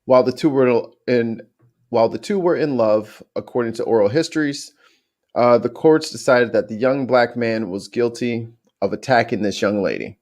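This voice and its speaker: A man with an average-pitched voice co-hosting a podcast in loose, casual chat. He jokes and swears freely, ribbing his friends, then slips into an informal storyteller's tone to walk them through history. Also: moderate pace, a little mellow. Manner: joking, profane, trash-talking. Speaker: podcast co-host.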